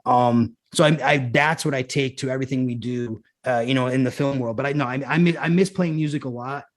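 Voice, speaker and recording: A man's voice: medium pitch, a little fast. A man, a former punk musician turned showrunner, telling rambling stories in casual podcast conversation, full of "like" and restarts.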